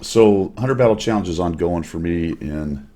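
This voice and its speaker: Brief: very low-voiced man, easygoing gaming podcast host, rambling chat. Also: moderate pace, crowd noise. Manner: laid-back, rambling, enthusiastic.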